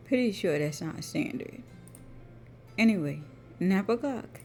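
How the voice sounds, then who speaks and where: A woman's voice: mid-range voice, expressive, unhurried, pauses often, mellow, faint music behind. A woman casually commenting on a game as she plays, reading its dialogue aloud and joking about her own accents. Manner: playful, self-mocking, laughs at own accents. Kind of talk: casual gameplay commentary with read-out character voices.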